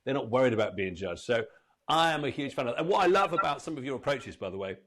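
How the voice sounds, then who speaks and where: A man's voice: mid-range voice, very animated, fast, fairly bright tone. A man hosting an interview podcast, asking his guest questions and chatting in a friendly, encouraging way. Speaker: podcast host. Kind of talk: casual interview chat.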